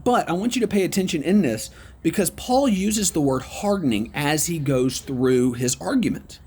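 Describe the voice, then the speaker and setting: A man's voice: a little high, lively intonation, normal speed, a little mellow, slightly rough. Encouraging man leading a Bible study. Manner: conversational, encouraging, frequent ums. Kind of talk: guided online Bible study lesson.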